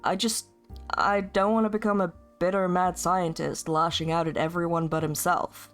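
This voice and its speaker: A streamer, a man, voicing a bitter male mad scientist in a game in a put-on American accent, slow and sulky. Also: high-pitched, level tone, a bit bright, faint music behind. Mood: brooding. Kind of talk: reading game dialogue aloud.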